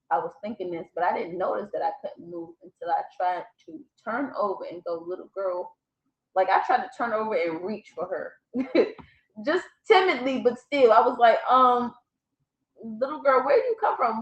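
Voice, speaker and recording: A woman vlogger casually telling a personal story to camera, swearing freely and breaking into laughter. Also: medium pitch. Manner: profane, animated retelling with bursts of laughter. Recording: echoey room, slightly dull sound.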